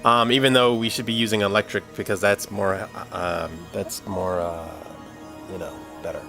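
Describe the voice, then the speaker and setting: A man's voice: on the low side, fairly even intonation, moderate pace, creaky, over music. A man livestreaming while he works, chatting casually and thinking aloud to his viewers. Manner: rambling, thinks aloud, talks to chat.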